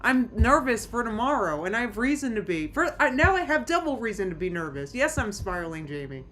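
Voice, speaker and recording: Streaming from home, a woman chats casually with her live chat, rambling and anxious, full of restarts and nervous laughs. Her voice is on the high side, very animated, a little fast and fairly bright, with a little hiss or hum.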